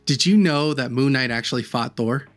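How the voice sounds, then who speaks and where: A man's voice: medium pitch, normal speed, faint music behind. A man co-hosting a podcast, chatting casually and laughing as he rambles through ideas. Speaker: podcast co-host. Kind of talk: casual chat.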